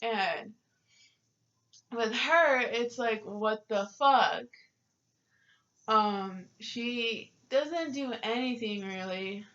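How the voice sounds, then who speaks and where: A young woman with a fairly high voice rants about work in a frustrated, profane way, her talk full of filler ums. The recording sounds dull and lo-fi. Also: very slow, long pauses, fairly bright tone. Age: young adult. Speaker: vlogger. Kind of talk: casual rant to camera.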